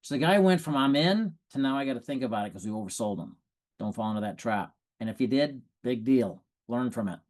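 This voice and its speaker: A man giving sales coaching tips in a lively, animated way, acting out prospects' lines and laughing at his own stories. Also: mid-range voice, fairly quick. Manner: animated, acts out prospects and quotes. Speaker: sales trainer. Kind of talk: coaching talk.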